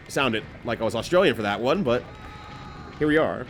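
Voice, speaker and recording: A man's voice: mid-range voice, lively intonation, normal speed, pauses often, a little hiss or hum. A man streaming a game live, giving loose, joking commentary that swears casually and rambles between bits.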